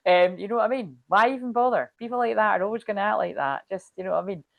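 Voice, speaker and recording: Retelling a story on her livestream, this spiritual reader and host rambles chattily, swears freely, and quotes others with liveliness. She speaks fast in a mid-range, creaky voice, with no echo in the recording.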